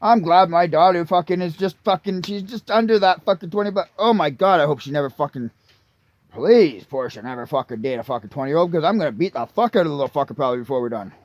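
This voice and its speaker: A man near forty vents in a crude, swear-filled rant that wanders from point to point. His voice sits high for a man and sounds dry and close, with no room around it. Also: expressive, fast talker, no echo, lo-fi sound. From Canada. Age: 30s. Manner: crude, angry, swearing constantly. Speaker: vlogger. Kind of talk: profane rambling rant.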